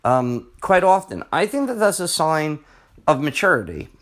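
A man's voice: fairly high pitch, big pitch swings, moderate pace, fairly bright tone. Middle-aged guy rambling on his podcast, voice jumps all over, lots of um and uh. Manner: rambling and chatty, with many fillers and restarts. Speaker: middle school teacher and podcast host. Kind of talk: casual solo podcast monologue.

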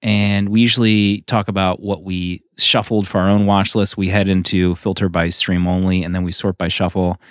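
A man's voice: deep voice, level tone, moderate pace, hardly any pauses, clean tone, dry recording, clean studio sound. A man co-hosting a film podcast, talking in a casual, playful way and teasing his co-host. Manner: playful, teasing, laughs often. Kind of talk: casual chat.

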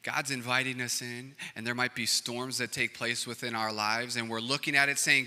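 A male pastor preaching a sermon, swinging from loud, rising passages to hushed near-whispers. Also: mid-range voice, flat delivery, moderate pace, hardly any pauses. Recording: reverberant hall with music behind.

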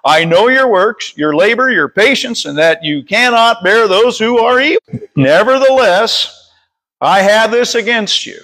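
A man leading a Bible study, reading scripture aloud slowly and stumbling over words, then stopping to teach. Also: high-pitched, animated, sharp tone, poor audio. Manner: reads slowly with frequent stumbles and self-corrections. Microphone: streaming over Wi-Fi.

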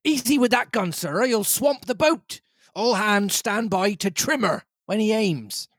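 A man reading aloud voices a brisk, commanding ship's captain who barks orders. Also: expressive, no room sound, studio quality, exaggerated voice. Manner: sharp barked orders, raised pitch.

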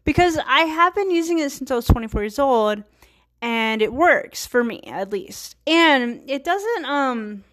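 A woman's voice: high voice, expressive, a little slow, fairly bright tone. Rambling woman in her 30s. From Virginia. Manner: rambling, many fillers and restarts. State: a little tired. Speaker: podcast host. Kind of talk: casual solo talk.

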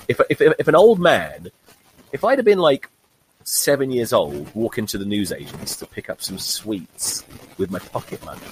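Rambling man with a low voice. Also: a little hiss or hum, low-quality recording. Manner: rambling, wry, swears freely. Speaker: podcast host. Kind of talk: comedic monologue.

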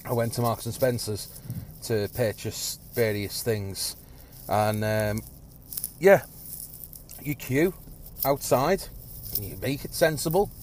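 A man's voice: medium pitch, slow, pauses often, a little mellow. A man hosting a one-take podcast from his car, rambling and grumbling with casual swearing and a phlegmy cough. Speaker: podcast host. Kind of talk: rambling one-take chat while driving. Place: inside a car in traffic. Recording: car and road noise behind.

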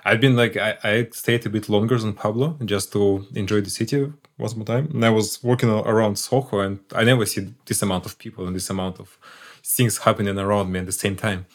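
A low-pitched man chats as a podcast co-host. He speaks in a thoughtful, slightly halting way, pausing to find his words. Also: steady tone. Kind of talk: casual chat.

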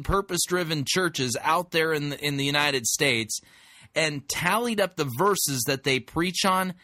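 Sarcastic guy picking apart a sermon, bright sharp voice, dry close sound. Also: fairly high pitch, no room sound. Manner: sarcastic, mocking, animated. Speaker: podcast host critiquing a sermon. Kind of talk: sarcastic commentary.

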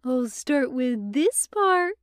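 A woman voicing a deadpan young woman doing cutesy baby talk. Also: high voice, extremely slow, dry recording, studio quality, heavily acted. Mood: cooing. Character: dry, deadpan young woman cooing at a puppy.

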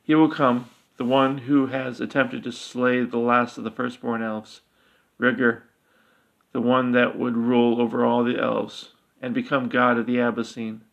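A man's voice: medium pitch, flat delivery, unhurried, gravelly. A man voicing a desperate, secretive female elf who speaks urgently and confidingly.

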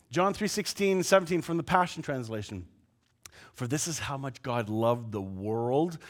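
Animated man preaching a sermon. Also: mid-range voice. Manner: animated, swings from loud outbursts to quiet asides. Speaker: pastor. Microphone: lapel mic.

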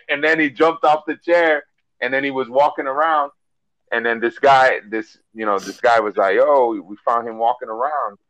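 A Miami-accented man co-hosts a casual podcast, telling stories in a loose, profane, animated rush of fillers and restarts. His voice sits in an ordinary male middle register. It is recorded on a close, dry mic with little room sound. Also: mid-range voice, normal speed, no echo, rough recording. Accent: Miami English. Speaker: podcast co-host.

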